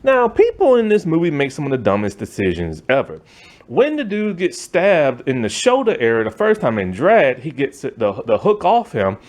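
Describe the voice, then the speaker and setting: A man's voice: fairly high pitch, huge pitch swings, moderate pace, a little mellow. A man giving a casual, rambling movie review rant, loose and exasperated, with lots of filler words.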